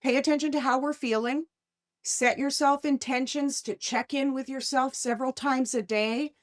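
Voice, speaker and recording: Animated woman podcast host. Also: sits high, moderate pace. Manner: animated, acts out inner voices, keeps asking "right?". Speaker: life coach podcast host. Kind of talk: casual podcast conversation.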